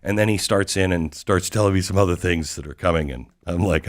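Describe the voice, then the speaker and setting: A talk show host telling a story in an excited, emphatic way, with rhetorical questions to the audience. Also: male voice, sits low, brisk. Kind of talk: monologue recounting a visit.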